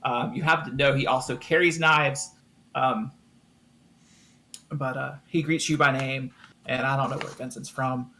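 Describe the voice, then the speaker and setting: A man narrating a tabletop game as game master, describing the scene with many fillers and pauses. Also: mid-range voice, steady tone, bright, forceful tone, a little hiss or hum.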